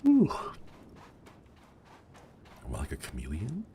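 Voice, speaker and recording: Very deep, gravelly, sleepy male streamer. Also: wildly swooping pitch, takes it slowly, a little hiss or hum. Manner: dreamy and musing, with soft exclamations of delight. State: sleepy and yawning. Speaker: livestreamer. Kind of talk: casual gameplay commentary. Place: at home.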